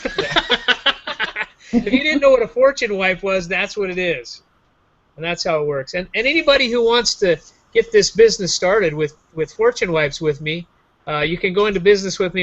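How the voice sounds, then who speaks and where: A man's voice: high voice, fairly bright tone. Joking man on a lo-fi call. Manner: rambling, jokey, self-mocking. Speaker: show host. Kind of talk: casual joking chat. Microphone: video call. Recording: dull lo-fi online call audio.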